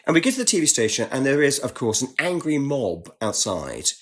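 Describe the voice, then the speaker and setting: Lively British man telling a story. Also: medium pitch, a little fast, breathy edge. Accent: British English. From Britain. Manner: lively, puts on voices when quoting people. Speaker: guest. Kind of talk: animated storytelling in conversation.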